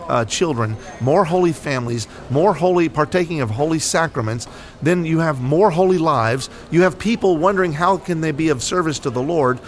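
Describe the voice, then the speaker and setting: A man's voice: on the high side, a little hiss or hum. Earnest American man explaining faith. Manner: earnest, repetitive, many fillers and "right?". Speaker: Catholic podcast co-host. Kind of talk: casual faith discussion.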